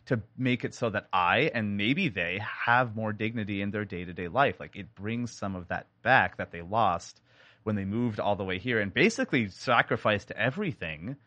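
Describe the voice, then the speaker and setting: A man's voice: lowish voice, normal speed, dry recording, muffled recording. A man from India, a sound designer, telling stories in a casual interview with many restarts. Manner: animated storytelling with many likes and restarts.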